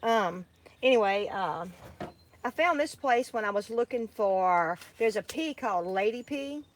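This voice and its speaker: A woman's voice: mid-range voice, lively intonation, a little slow, slight background noise. A woman, chatting and rambling with many fillers as she plants seeds with her co-host. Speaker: farm co-host. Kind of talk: casual chat while planting seeds.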